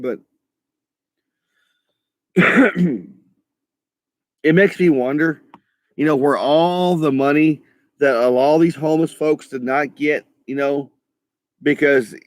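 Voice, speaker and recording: A man's voice: mid-range voice, dry recording, clean studio sound. A middle-aged man rambling in a casual monologue, swearing freely and often stopping to restart his sentences. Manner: profane, halting, restarts often. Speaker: vlogger.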